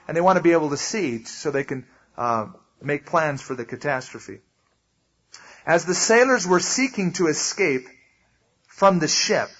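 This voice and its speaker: Husky-voiced man preaching conversationally. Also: fairly high pitch, a bit bright, lo-fi sound. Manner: conversational, explains with asides and acted quotes. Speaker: pastor. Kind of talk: sermon, verse-by-verse Bible teaching.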